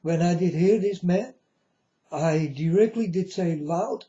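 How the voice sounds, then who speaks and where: Slow, very dark-voiced man testifying earnestly. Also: high-pitched, highs cut off. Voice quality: non-native English grammar. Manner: earnest, pleading, repeatedly addressing listeners as folks. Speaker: self-proclaimed prophet. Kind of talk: emotional personal testimony to viewers.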